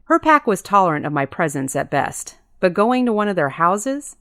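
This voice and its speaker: A woman's voice: sing-song, normal speed, sharp tone, no echo, clean studio sound. A woman reading a first-person story as an audiobook narrator, switching into character voices for dialogue. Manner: voices characters with pitch lifts.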